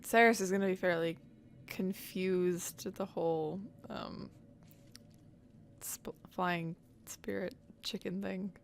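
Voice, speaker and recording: A woman describing her character's moves in a tabletop game, voice gravelly at a mid pitch. She talks slowly and thinks aloud, half-muttering to herself. A faint hum sits under her voice. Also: steady tone. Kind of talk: casual play-by-play of a character's actions.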